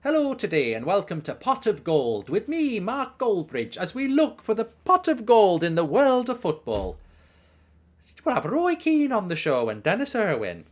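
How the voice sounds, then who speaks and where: A man voicing a jolly mock-Irish podcast host in a put-on Irish accent, pitched well above his own voice. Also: wildly swooping pitch, moderate pace, full character voice. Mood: hammy cheer. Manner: sing-song, over-the-top, higher than his own voice.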